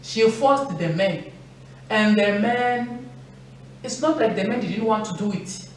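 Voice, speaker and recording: A woman's voice: mid-range voice, slow, slight background noise. Earnest woman preaching in an echoey hall. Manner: earnest, repeating phrases for emphasis. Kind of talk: sermon. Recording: echoey room from far off.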